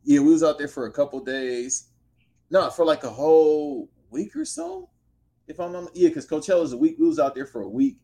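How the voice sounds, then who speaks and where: A man's voice: fairly high pitch, very animated, fairly quick, dark tone. Slangy man telling a story casually.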